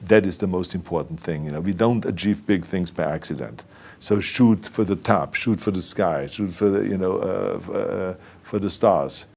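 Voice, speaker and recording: Emphatic older man with a German accent. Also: on the low side. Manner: emphatic, repeats phrases for emphasis. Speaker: public speaker. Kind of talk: motivational speech clips.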